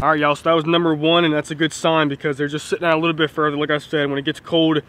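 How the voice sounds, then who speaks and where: Excited young man vlogging outdoors. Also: on the high side, slight background noise. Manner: excited, chatty, talks to viewers as y'all. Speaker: fishing vlogger. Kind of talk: outdoor fishing vlog. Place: outdoors by a pond.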